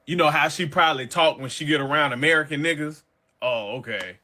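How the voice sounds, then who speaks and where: A man's voice: on the high side, fairly quick, sharp tone. A man co-hosting a podcast, giving profane, sarcastic commentary with lots of energy. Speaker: podcast co-host.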